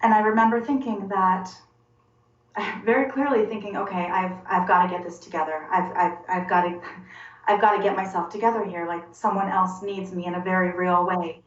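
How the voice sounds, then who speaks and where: Halting, earnest woman in her forties. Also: mid-range voice, fairly even intonation. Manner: halting and earnest, repeating words as she searches. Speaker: interview guest. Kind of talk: personal testimony interview. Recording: roomy, distant and dull-sounding.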